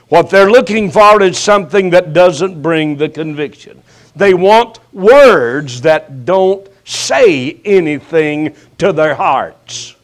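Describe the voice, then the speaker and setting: An older pastor delivers a slow sermon in a slightly high voice that rises sharply and then drops to a hush. He aims folksy, teasing jabs at his listeners.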